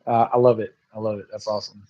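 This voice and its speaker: A man with a fairly low voice hosts a podcast, chatting in a relaxed, easygoing way. He laughs easily and keeps the talk loose. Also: quick pace, highs cut off. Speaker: podcast host. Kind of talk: casual chat.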